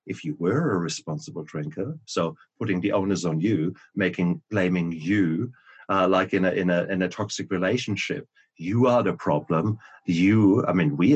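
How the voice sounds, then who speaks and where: Male author guest, deep and husky, emphatic with restarts. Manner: emphatic, with frequent restarts and repetitions. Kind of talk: podcast conversation.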